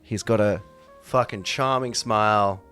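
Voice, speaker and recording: Man, game master, casual, swears often, low voice, tabletop game narration. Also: fairly even intonation, unhurried, a bit bright, soft background music.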